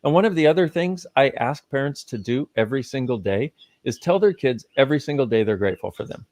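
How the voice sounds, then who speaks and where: A man's voice: medium pitch, expressive, fast, a little mellow, no echo. Emphatic male guest speaker, casual cusser, close and dry sound. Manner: emphatic, swears casually, lists ideas. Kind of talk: live conversational teaching.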